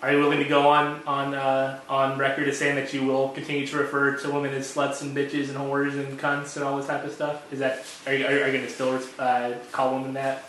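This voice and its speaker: A man co-hosting a casual podcast chat, rambling and halting, full of fillers and repeated words. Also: medium pitch, completely flat delivery, a bit bright. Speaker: podcast co-host. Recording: very echoey room with faint noise.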